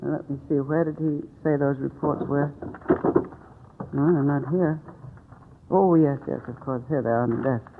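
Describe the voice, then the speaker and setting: An actor playing a kindly older doctor who stammers and pleads in panic, in a 1940s radio drama. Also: male voice, fairly high pitch, fairly even intonation, normal speed, creaky, long pauses, noisy background. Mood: mumbling. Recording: tinny old radio broadcast.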